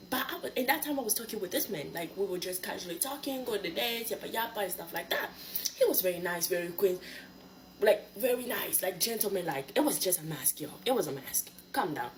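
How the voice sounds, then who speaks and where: A woman tells a personal story to the camera, blunt and exasperated. Her voice sits mid-range. A faint noise runs underneath. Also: medium pitch.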